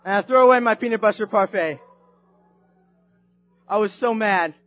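High-voiced animated man telling a sermon story. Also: normal speed, no echo, lo-fi sound, faint music behind. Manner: animated, swings from hushed to shouting.

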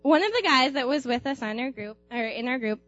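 A young woman telling a personal anecdote aloud in an animated way, laughing often and acting out screams. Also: high-pitched, fairly quick, no echo, highs cut off, soft background music. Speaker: storyteller.

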